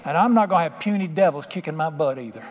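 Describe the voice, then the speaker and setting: Middle-aged male preacher, folksy emphatic storyteller, slightly higher voice, reverberant hall. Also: fast. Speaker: pastor. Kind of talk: sermon.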